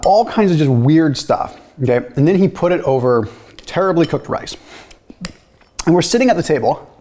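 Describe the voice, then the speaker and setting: Chatty man, a touch high-pitched. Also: darkish tone. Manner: chatty, loose, with frequent "like" and "right?". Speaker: nutrition video host. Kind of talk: casual storytelling and diet explainer.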